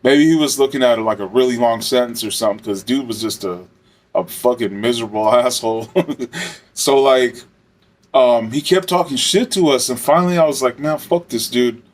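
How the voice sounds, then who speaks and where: Man, casual storytelling, profane, rambling, mid-pitched voice. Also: a little fast. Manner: rambling, profane, many fillers. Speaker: former correctional officer.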